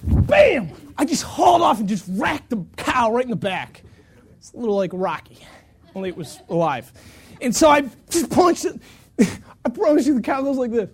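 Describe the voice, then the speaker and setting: Guy pastor with a really high voice, animated storyteller, jokes at his own expense. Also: moderate pace, husky. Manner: animated, self-mocking storyteller with acted-out quotes. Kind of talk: storytelling sermon.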